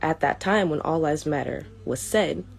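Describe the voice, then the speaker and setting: A young woman with a low, gravelly voice, talking earnestly and a bit haltingly as she reads a written statement to camera. Faint music plays softly behind her. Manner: earnest, hesitant, restarts often. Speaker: vlogger. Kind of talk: reading a prepared statement to camera.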